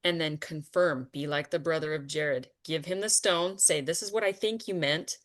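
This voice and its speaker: A woman with a low voice guides a spiritual conversation. She talks in an earnest, animated way, laughing often and pausing on fillers. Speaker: spiritual teacher.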